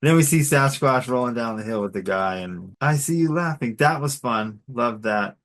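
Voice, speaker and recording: A middle-aged man talks through a storyboard critique in an easygoing, encouraging voice. His tone stays conversational and unhurried, at an ordinary mid pitch for a man. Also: fairly bright tone. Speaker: storyboard artist giving a critique. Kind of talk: casual critique over drawings.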